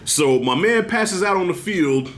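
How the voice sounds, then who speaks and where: Animated, profane middle-aged male reviewer. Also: high-pitched, a little slow. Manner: animated, profane storytelling with acted-out quotes. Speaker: TV show reviewer. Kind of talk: casual video review commentary.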